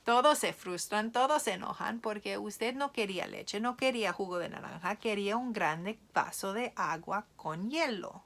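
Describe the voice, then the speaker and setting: Bilingual teacher, woman, bright, animated read-aloud for kids, playful. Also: medium pitch, a little fast, vocal fry. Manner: switches between English and Spanish, animated, playful.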